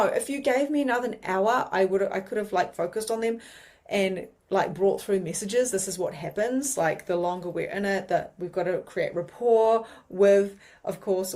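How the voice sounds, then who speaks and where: A woman with a New Zealand accent teaching mediumship in a chatty, animated way, with many fillers. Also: medium pitch, moderate pace. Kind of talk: casual teaching monologue.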